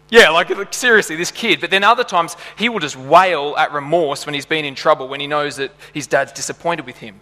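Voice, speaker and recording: Male preacher, earnest sermon delivery, bright forceful tone, echoing church-hall sound. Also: on the high side, fairly quick, few pauses. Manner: earnest, builds to passionate emphasis. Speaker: pastor.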